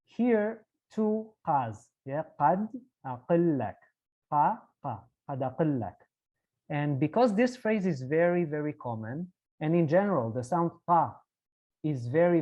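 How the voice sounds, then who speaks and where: A lecturer giving a patient, explanatory online talk over a video call, often checking in with a quick "yeah". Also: mid-range voice. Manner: patient, tags points with "yeah". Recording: tinny phone-like line.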